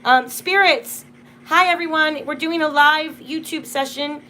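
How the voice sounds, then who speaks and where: A young woman with a fairly high voice chats casually on a home livestream. She tells stories loosely, with plenty of fillers. A faint hum of room noise sits under her voice. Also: measured pace, sharp tone. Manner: chatty storytelling, full of "like". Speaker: livestream host.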